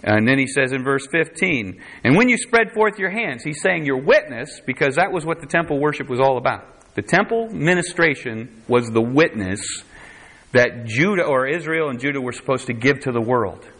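A man's voice: mid-range voice, lively intonation, moderate pace, fairly bright tone. A man preaching a conversational sermon, quoting scripture in a dramatic voice. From United States.

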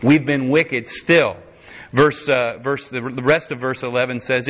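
A man's voice: medium pitch, steady tone, moderate pace, a bit bright. A man teaching a verse-by-verse sermon, reading scripture in old English wording and then explaining it in plain words, often restarting his sentences. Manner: reads King James scripture aloud, then explains it plainly; frequent restarts and self-corrections. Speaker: Bible teacher. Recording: dull lo-fi recording.

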